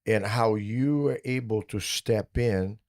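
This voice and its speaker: A man hosting a podcast, asking questions slowly and deliberately. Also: lowish voice, darkish tone, no echo, studio quality. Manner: slow, deliberate questioner with short backchannels. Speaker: podcast host, interviewer. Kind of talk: measured interview questions.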